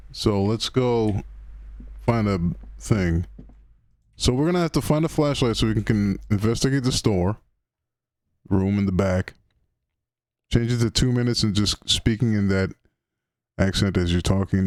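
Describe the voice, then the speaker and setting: A man's voice: on the low side, unhurried, long pauses, a little mellow, no echo, studio quality. A man casually commenting while playing a game on a live stream, rambling and swearing and riffing on slang.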